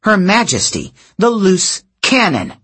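A man voicing a tough, sarcastic teenage huntress, gruff and brisk, with a husky voice. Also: sits high, huge pitch swings, a bit bright, pitched above the performer's own voice, heavily acted. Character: blunt tough teenage girl hunter, sarcastic.

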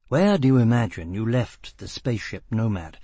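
A man voicing a calm, persuasive male doctor who speaks in a coaxing, clinical way. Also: mid-range voice, normal speed, slightly rough, no room sound.

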